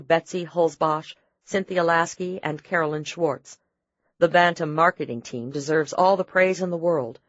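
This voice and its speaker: A woman narrating an audiobook in a measured, steady reading. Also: deep voice, no room sound, highs cut off. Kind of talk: scripted narration.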